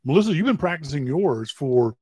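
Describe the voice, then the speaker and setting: A man hosting a podcast, giving casual advice on camera and stressing words with big jumps in pitch and loudness. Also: very animated, brisk, breathy edge, no room sound. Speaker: podcast host.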